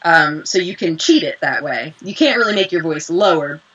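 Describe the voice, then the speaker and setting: A young woman, a voice actress, chatting in an interview and telling lively stories with acted-out quotes. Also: low voice, normal speed, slightly rough, lo-fi sound. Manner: animated storyteller, acts out quotes. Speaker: voice actress guest. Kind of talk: casual interview chat.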